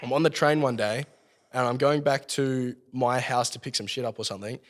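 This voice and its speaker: Australian man, mid-pitched, loose and profane storyteller, recorded with a long reverb tail. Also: fairly even intonation, a little fast. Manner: swears constantly, rambling storytelling. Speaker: podcast guest. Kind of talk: casual storytelling.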